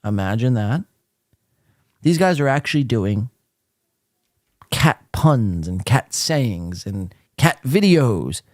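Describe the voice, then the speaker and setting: A man's voice: medium pitch, very animated, slow pace, long pauses, darkish tone, no room sound, clean studio sound. A man hosting a live podcast, talking casually with blunt sarcasm and frequent swearing. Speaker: podcast host.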